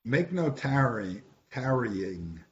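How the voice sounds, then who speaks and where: A man's voice: mid-range voice, very animated, takes it slowly. A man leading an informal Bible study, teaching conversationally and asking the group questions. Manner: conversational, repeats words, asks the group questions. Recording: dull lo-fi recording with faint hiss.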